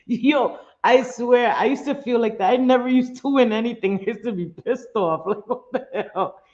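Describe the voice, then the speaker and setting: A woman's voice: fairly high pitch, moderate pace, darkish tone, highs cut off. A woman hosting a casual live stream, thanking viewers, swearing casually, laughing often and dropping in Spanish phrases.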